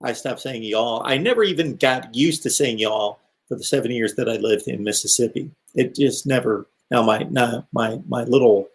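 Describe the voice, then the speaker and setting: A man's voice: medium pitch, normal speed. A middle-aged man from the American Midwest hosting a live call-in show, chatting casually and rambling as he reads out chat comments. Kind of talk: casual live-stream talk.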